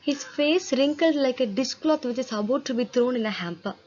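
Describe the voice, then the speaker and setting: A woman's voice: high-pitched, animated, a little fast, a little mellow, lo-fi sound. A woman teaching an English lesson to children, explaining words patiently and asking her pupils questions. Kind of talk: explaining a textbook story to children.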